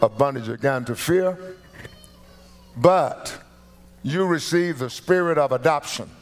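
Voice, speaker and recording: A middle-aged man preaching a sermon as pastor in a church, building to emphatic bursts of emphasis. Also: medium pitch. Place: church sanctuary.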